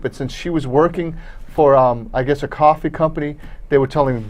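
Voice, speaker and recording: A man's voice: a little high, fast talker, a little mellow. A man, co-hosting a casual chat. He mostly chimes in with short reactions and now and then tells a story.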